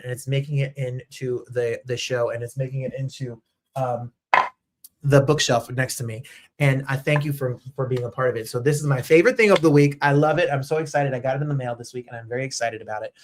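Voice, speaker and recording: A man hosting a show in casual chat, excitable and chatty, jumping from topic to topic. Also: mid-range voice. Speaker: host. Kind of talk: casual live-stream chat.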